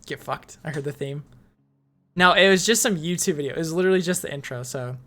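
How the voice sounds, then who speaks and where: A woman's voice: low voice, brisk, a bit bright. A young woman streamer chatting casually and reading fanfiction aloud, swearing, giggling and rambling with many fillers. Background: faint music.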